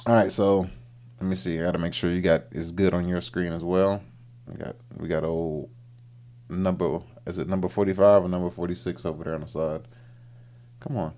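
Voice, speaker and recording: A man's voice: deep voice, fairly quick. A man hosting a livestream, chatting casually as he reacts to videos. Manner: animated, voices the people on screen in put-on lines.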